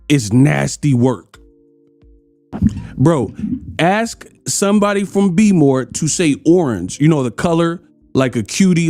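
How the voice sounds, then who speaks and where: A man's voice: on the high side, darkish tone, no room sound. Joking man reacting over music. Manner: laughing, joking, slangy banter. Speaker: boxing commentary host. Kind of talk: casual reaction commentary.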